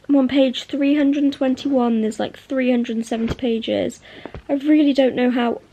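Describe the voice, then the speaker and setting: A woman's voice: a little high, fairly even intonation, a little slow, pauses often, mellow. A young woman chatting casually about books in a reading vlog at home, gushing and full of fillers. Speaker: book vlogger.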